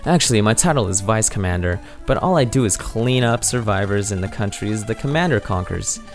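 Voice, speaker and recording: A man voicing a sly male villain robot from a video game, reading its lines in a calm, cocky, matter-of-fact way. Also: fairly low pitch, brisk, soft background music. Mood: smug. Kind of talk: reading game dialogue aloud.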